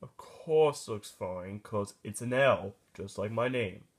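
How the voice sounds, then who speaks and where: A performer voicing a dopey plush Luigi toy that speaks slowly and flatly in a homemade plush video. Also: mid-range voice.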